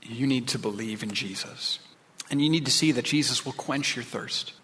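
A man's voice: medium pitch, moderate pace, sharp tone, big-room sound. A male pastor preaching a sermon, earnest and pleading, sometimes dropping his voice to a whisper.

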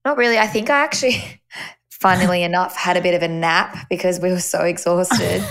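A woman co-hosting a podcast, recounting her week in relaxed, teasing casual chat. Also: fairly low pitch, brisk, clear, resonant tone. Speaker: podcast co-host.

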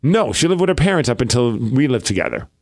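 Animated joking male podcast co-host. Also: medium pitch, quick pace. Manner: jokey, animated banter. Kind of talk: casual chat.

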